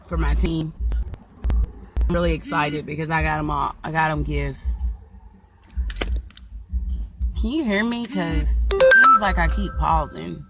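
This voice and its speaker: A woman's voice: deep voice, a little slow, pauses often, loud music behind the voice. A woman vlogger chatting casually and playfully on a live stream, recorded on a phone while out and about. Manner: chatty, playful, laughs often. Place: in a car and out in town. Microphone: phone camera. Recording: phone recording with clear street noise.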